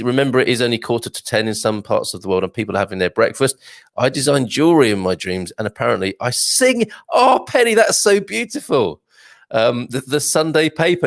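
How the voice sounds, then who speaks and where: Man, live stream host, casual chatty comment reading, self-amused, gravelly voice, dry close sound. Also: medium pitch, no echo. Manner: chatty, self-amused, with many fillers and restarts.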